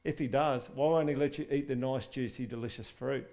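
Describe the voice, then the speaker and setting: A man voicing a sly male serpent tempter from a storybook, speaking in a soft, coaxing whisper. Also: mid-range voice, steady tone, fairly quick, close to an everyday voice.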